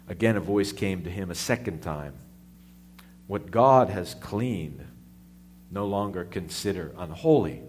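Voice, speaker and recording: A man's voice: mid-range voice, breathy edge. A male pastor preaching a sermon, with call-and-response asides to his congregation.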